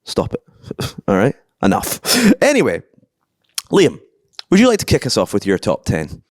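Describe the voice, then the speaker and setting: Young Scottish male podcast host, teasing and animated, low voice, dry close sound. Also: normal speed, no echo. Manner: playful, teasing, laughs often. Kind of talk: casual podcast banter.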